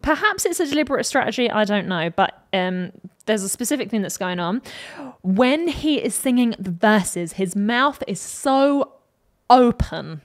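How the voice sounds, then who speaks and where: A woman's voice: mid-range voice, lively intonation, a little slow, soft background music. A woman, a vocal coach, analysing a song in a reaction video and demonstrating the sounds with her own voice.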